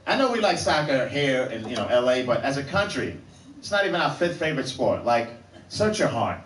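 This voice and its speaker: Animated male comedian ranting. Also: medium pitch. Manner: animated, halting rants. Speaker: stand-up comedian. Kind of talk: stand-up comedy. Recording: echoey club stage from far off.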